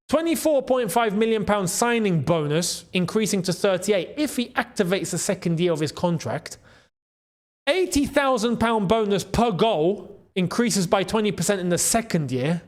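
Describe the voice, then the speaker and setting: A man hosts a football channel, chatting straight to his viewers in a loose, excitable way. His voice sits high and swings widely in pitch, rising sharply whenever something amazes him. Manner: animated, excitable, with frequent laughs and repeated phrases. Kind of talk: casual football commentary to camera. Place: in the Gulf region.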